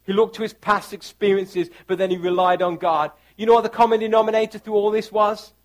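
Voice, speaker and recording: A pastor preaching a sermon, reading scripture aloud with earnest, rising emphasis. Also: male voice, sits high, level tone, fairly quick.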